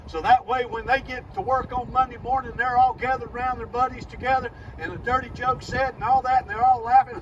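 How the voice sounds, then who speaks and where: A man's voice: very high-pitched, steady tone, a little fast, hardly any pauses. A man preaching a sermon, pressing his points in short, repeated phrases. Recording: distant muffled recording with loud engine noise.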